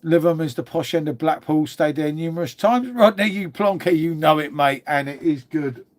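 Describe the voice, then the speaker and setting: A man, chatting casually on a live stream, joking, swearing and calling everyone mate. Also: fairly high pitch. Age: 50s.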